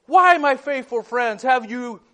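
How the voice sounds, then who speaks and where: A gloating male devil mocks his doomed passengers in a sermon recitation, read out by a man. He taunts and scolds in a strikingly high, light voice. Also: a little slow, bright, forceful tone, heavily acted. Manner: taunting, mocking. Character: gloating male devil driving a hellbound train.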